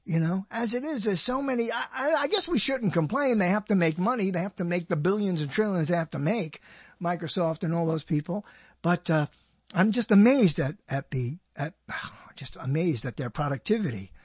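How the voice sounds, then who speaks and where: A man's voice: sits high, lively intonation, moderate pace, breathy edge, dry recording. An older man hosting his own radio show, rambling and joking to himself, often breaking off mid-sentence. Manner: rambling, self-interrupting, joking. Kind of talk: rambling solo monologue.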